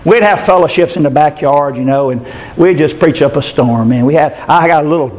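Older pastor, man, fervent sermon delivery, slightly high voice, shouting peaks. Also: fairly quick.

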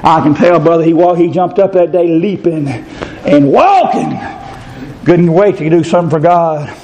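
Older pastor, man, fervent sermon delivery, slightly high voice, shouting peaks. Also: moderate pace, a little hiss or hum.

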